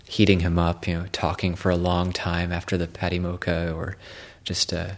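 A man speaks as a Buddhist monk offering a Dharma talk, his low voice staying fairly even with little rise or fall. He halts often, repeats words, and uses many fillers as he feels for each thought.

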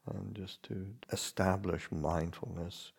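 A Buddhist monk gives a dharma talk in a deep, gravelly voice with plenty of fry. He speaks gently and haltingly, pausing and restarting his phrases. His voice is very husky and rough. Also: steady tone.

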